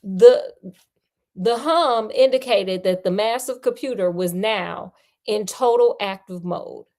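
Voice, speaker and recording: A woman's voice: medium pitch, slow, dark tone. A woman hosting a livestream read-aloud, narrating a story and breaking off for joking, chatty asides. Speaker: storyteller host.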